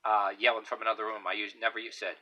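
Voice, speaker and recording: Rambling, blunt man with a bright voice. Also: lowish voice, flat delivery, fast, poor audio. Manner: rambling, with many fillers and restarts; blunt and emphatic, swearing now and then. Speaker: vlogger giving opinions. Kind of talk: casual opinion monologue.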